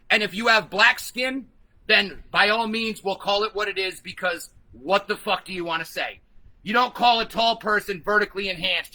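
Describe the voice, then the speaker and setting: High, bright-voiced profane ranting man. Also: rough recording. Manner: profane, combative, emphatic. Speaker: vlogger. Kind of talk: ranting vlog, reading comments.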